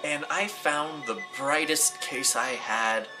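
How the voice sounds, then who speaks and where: A man's voice: on the high side, slow pace, over music. A young man from the United States hosts a casual movie review show. He talks with enthusiasm and rambles, with many repeated "like"s and restarts. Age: young adult. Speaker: host of a movie review channel.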